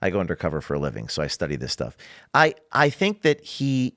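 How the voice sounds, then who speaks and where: A man guest on a talk show, telling stories in an animated way and acting out what others said. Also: sits low, brisk, no echo, clean studio sound. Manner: animated storyteller, acts out quotes. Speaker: guest, undercover journalist.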